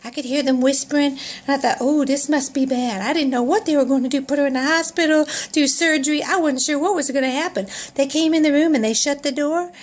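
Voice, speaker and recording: A woman's voice: sits high, quick pace, hardly any pauses. A middle-aged woman, telling a comic personal story in a folksy, dramatic way.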